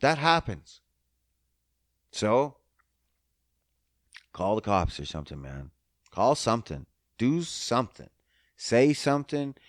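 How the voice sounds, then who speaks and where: A man's voice: medium pitch, big pitch swings, slow pace, long pauses, dry recording, clean studio sound. A man hosting a podcast, ranting angrily with heavy profanity and sounding choked up. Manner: angry, heavily profane, emphatic. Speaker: podcast host. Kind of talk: emotional monologue rant.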